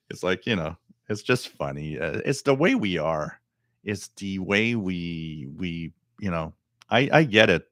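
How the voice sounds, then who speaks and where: A middle-aged man with a deep voice hosting a radio live stream, chatting casually and reading viewer comments, rambling and repeating words. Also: expressive, unhurried, fairly bright tone, no room sound, studio quality.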